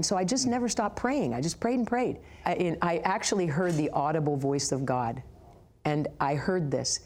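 A woman telling her faith testimony in an animated, sarcastic storytelling manner, laughing as she goes. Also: low voice. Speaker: guest sharing a testimony.

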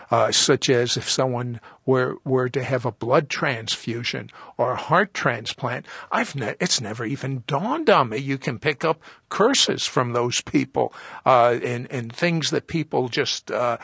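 A man's voice: mid-range voice, creaky, fairly bright tone, breathy edge, dry recording. A man hosting a show, interviewing a guest with probing, conversational questions. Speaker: TV show host.

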